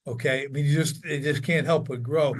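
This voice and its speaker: A man coaching tradespeople tells stories in a relaxed interview, with a somewhat high voice. He gets animated, acting out what his clients say. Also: brisk. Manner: animated storyteller, acts out quoted lines. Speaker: business coach for contractors. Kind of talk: casual podcast interview.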